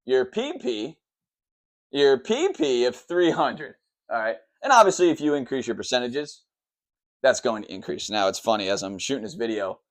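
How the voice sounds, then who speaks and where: A man who works as a mortgage lender, explaining the loan process at a whiteboard in a quick, rambling way, always checking in with "okay" and "all right". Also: medium pitch, sing-song. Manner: says he talks fast and tries to slow down.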